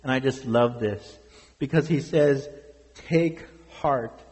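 A man's voice: medium pitch, slow, a little mellow. Earnest preaching man, reverberant hall. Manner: earnest preaching with rhetorical questions. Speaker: pastor. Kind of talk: sermon.

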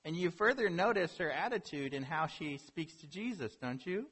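A man's voice: a little high, expressive, moderate pace, fairly bright tone, husky. A man preaching a sermon as a pastor, earnest, with rhetorical questions and building emphasis.

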